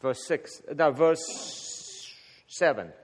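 A man's voice: fairly high pitch, extremely slow, husky. Chuckling man teaching the Bible in a hall. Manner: lively, chuckles often, acts out quoted prayers. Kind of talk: casual Bible teaching to a group. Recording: long hall reverb.

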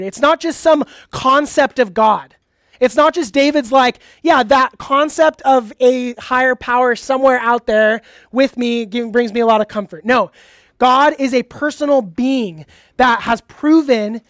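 A man's voice: extremely high pitch, no echo, clean studio sound. Chatty young male youth pastor. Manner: conversational, energetic, uses "like" often. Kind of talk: youth sermon.

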